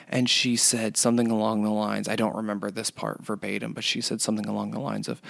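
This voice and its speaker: A man's voice: on the low side, flat delivery, moderate pace, gravelly, no room sound, studio quality. A man casually telling a rambling story about his workplace, full of restarts and fillers. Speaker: retail worker telling a work story.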